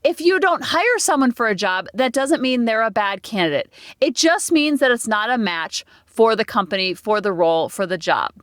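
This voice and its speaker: Chatty middle-aged woman podcast host, animated delivery, dry close mic. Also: fairly high pitch, moderate pace, no room sound. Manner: chatty, self-deprecating, dramatizes old stories with quoted voices. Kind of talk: casual solo podcast monologue.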